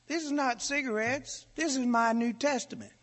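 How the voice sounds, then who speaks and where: A man voicing a tiny, squeaky-voiced freshman boy inside a story he tells from the pulpit. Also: normal speed, fairly bright tone. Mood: piping. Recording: long hall reverb.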